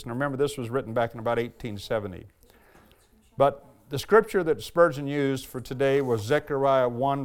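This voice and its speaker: A man preaching a sermon as pastor, earnest and emphatic, slowing down and lifting his voice to stress key lines. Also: medium pitch. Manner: earnest, emphatic preaching, slows and lifts voice when reading aloud.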